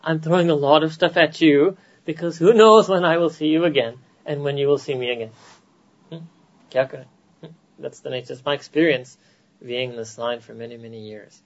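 A man with an American accent giving an animated religious lecture to a gathering, often asking "right?" and dropping in Urdu phrases. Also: a little high, brisk, lo-fi sound. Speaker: Islamic teacher.

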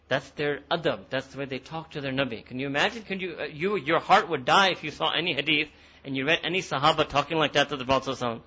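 A man's voice: a little high, rapid-fire, bright, forceful tone, slightly rough, dull audio. A man teaching a Quran lesson, retelling a story and repeating phrases for emphasis, with Arabic and Urdu words mixed in. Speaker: Islamic teacher.

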